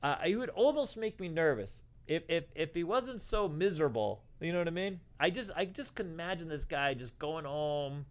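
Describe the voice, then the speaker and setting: Guy telling stories on a stream, higher-ish voice, says dude constantly, kinda crude. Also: animated, moderate pace, few pauses. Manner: storytelling, swears, says dude a lot. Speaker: podcast co-host. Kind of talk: casual livestream chat.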